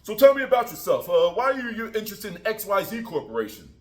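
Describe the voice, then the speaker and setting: A man voicing an impatient male job interviewer who talks in a loud, curt, dismissive way. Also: high voice, big pitch swings, fast talker, pitched above the performer's own voice. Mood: brusque.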